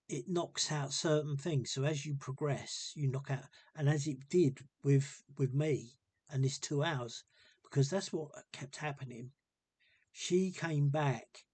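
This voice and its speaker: A man tells a personal story in a loose, rambling monologue, circling back and repeating himself with earnest feeling. His voice is husky and slightly breathy, recorded close and dry with no room sound. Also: on the high side, darkish tone, no echo. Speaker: vlogger telling a personal story.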